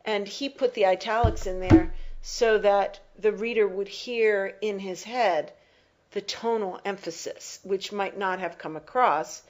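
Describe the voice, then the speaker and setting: A woman teacher reading a text aloud and explaining it slowly, pausing to reread phrases for emphasis. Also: medium pitch, poor audio. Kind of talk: slow close-reading lesson.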